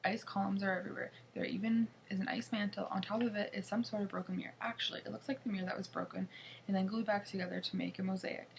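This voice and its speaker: Brief: woman narrating a children's book, chatty, gravelly edge, even middle pitch. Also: fast, a little hiss or hum. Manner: chatty, with small slips and restarts. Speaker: reader. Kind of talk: reading a children's chapter book aloud.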